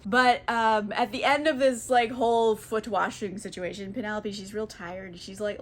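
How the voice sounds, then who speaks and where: A woman's voice: medium pitch, steady tone, normal speed, hardly any pauses. A young woman, a little tipsy, retelling a classic book in a casual, profane, rambling way. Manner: profane, rambling, lots of fillers. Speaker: book vlogger.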